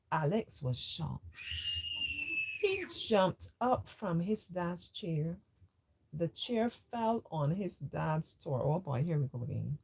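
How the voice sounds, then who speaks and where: A woman's voice: lowish voice, expressive, takes it slowly, vocal fry, darkish tone, husky. A woman reading a children's storybook aloud, voicing the characters and adding chatty comments of her own.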